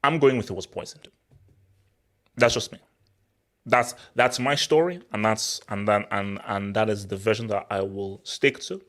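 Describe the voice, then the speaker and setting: A young man from Nigeria hosting a casual football talk, excitable and prone to repeating words as he restarts his sentences. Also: lowish voice, normal speed. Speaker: football channel host. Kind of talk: casual football commentary monologue.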